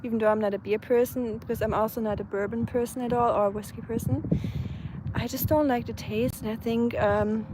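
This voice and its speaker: Woman, 20s, German accent, casual live-stream chat, higher pitch, soft traffic and outdoor sounds behind. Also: fairly even intonation, a little fast. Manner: chatty, reads out viewer comments. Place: outdoors, feeding stray cats.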